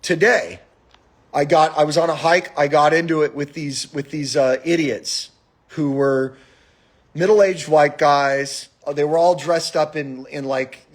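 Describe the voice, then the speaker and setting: A man hosting a live stream, telling a story in a profane, animated, casual monologue. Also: a little high, a little slow.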